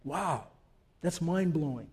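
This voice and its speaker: Male pastor, fairly high voice, sermon delivery that swells into loud emphatic peaks. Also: animated, takes it slowly, slightly rough. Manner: swells from quiet explanation to loud emphatic declarations; conversational asides to the congregation.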